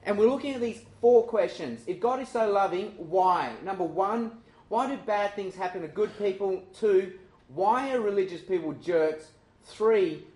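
An Australian man preaching a sermon in a lively, self-mocking and direct way. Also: sits high.

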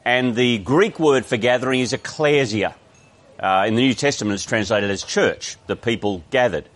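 A man's voice: medium pitch, moderate pace. A man with an Australian accent preaching a sermon, explaining a text in a conversational way with frequent restarts.

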